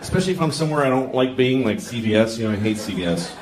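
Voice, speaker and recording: A man's voice: medium pitch, expressive, racing. A male stand-up comedian from Boston, talking in a dry, conversational, self-mocking way on a club stage. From Boston, USA. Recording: echoey club with crowd laughter.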